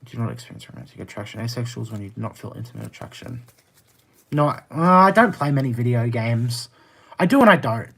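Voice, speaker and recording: A man's voice: big pitch swings, fairly quick, creaky, fairly bright tone. A young Australian man in his twenties, chatting casually on a livestream and answering viewer comments in a blunt, exasperated way. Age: 20s. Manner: blunt and exasperated, jumps to high indignant pitch when ranting.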